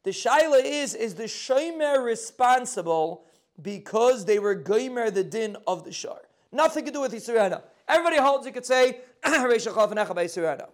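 High-voiced man teaching Talmud. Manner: quick explanatory, translating Aramaic text into English with yeshiva phrasing. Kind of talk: daf yomi Talmud lesson.

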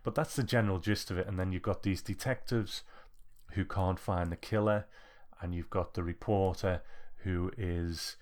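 Deep-voiced man rambling about a film. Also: fairly even intonation, moderate pace. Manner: rambling, with many fillers. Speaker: podcast co-host. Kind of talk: casual film review chat.

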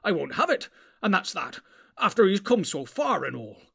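A man voicing a stubborn, loyal young male hobbit servant who pleads in a raised, higher voice. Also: sing-song, normal speed, vocal fry, slightly rough, exaggerated voice. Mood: distressed. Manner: pleading, high and loud. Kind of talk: audiobook character voice.

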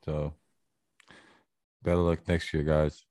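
A man's voice: rumbling low, level tone, slow pace, warm tone, dry recording. A man co-hosting a casual chat, laid-back and rambling. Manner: laid-back, rambling, laughs between thoughts.

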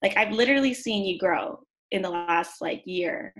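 A woman's voice: medium pitch, normal speed. A woman speaks as a podcast guest in casual chat. Her voice sits mid-range, and she talks in a heartfelt, gushing way, leaning on fillers. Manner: warm, heartfelt, lots of "um" and "like". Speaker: podcast guest, event host.

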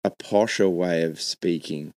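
A man hosting a casual podcast interview, talking in halting, hesitant bursts with plenty of restarts. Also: low voice, a little mellow, no room sound. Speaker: podcast host.

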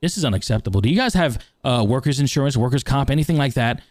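A man playing an excitable male podcast host who interrupts a lot, in an in-character role-play interview. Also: medium pitch, fast, no echo, clean studio sound, natural voice. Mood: nosy. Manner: frantic, interrupting, bursts into shouting.

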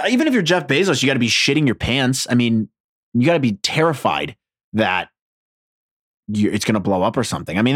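A man's voice: mid-range voice, a bit bright, slightly rough, no echo, clean studio sound. A man from New Jersey rambling through a casual monologue, profane, sarcastic and self-deprecating.

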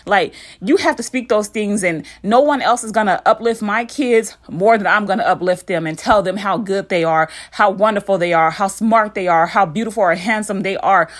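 Woman in her thirties, mid-pitched, talking through an earnest, encouraging devotional in a casual podcast voice, with a repetitive preaching rhythm. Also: normal speed, hardly any pauses. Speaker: podcast host giving a devotional message. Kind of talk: informal devotional talk.

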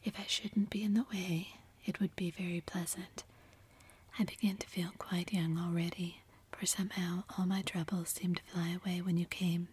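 A gentle young woman speaks kindly and wistfully in a whispered role-play, as a woman reads her. The whisper is airy and low, with a flat, even line. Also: moderate pace, slightly rough.

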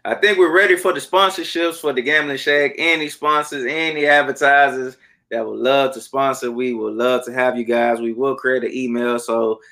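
A man co-hosting a sports betting podcast in casual chat, animated and repeating words for emphasis. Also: mid-range voice, normal speed.

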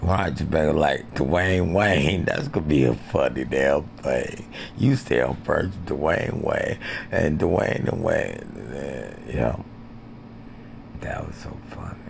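Gravelly, very deep rambling man. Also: lively intonation, takes it slowly, a little hiss or hum. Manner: rambling, profane, jumps into squeaky voices. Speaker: amateur podcaster. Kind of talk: rambling improvised skits. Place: porch outdoors.

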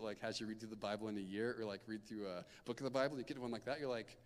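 A man's voice: on the low side, fairly even intonation, racing, few pauses. A young man giving an informal, candid sermon, reading scripture and speaking with many likes and ums. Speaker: preacher. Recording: long hall reverb.

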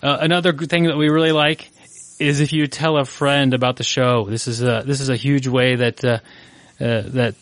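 A man co-hosting a podcast in a relaxed, chatty way, teasing his partner. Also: mid-range voice, no room sound. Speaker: podcast co-host. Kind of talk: casual podcast chat.

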